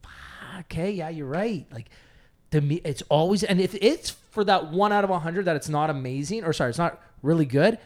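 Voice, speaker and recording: A young man hosting a casual podcast chat, telling stories in a quick, chatty way. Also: fairly high pitch. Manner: fast, chatty storyteller. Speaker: podcast host.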